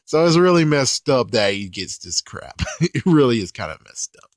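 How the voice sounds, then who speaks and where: A man's voice: medium pitch, moderate pace, dry recording, clean studio sound. A man giving casual, rambling commentary on an anime episode, often correcting himself mid-sentence. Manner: rambling, animated, self-correcting.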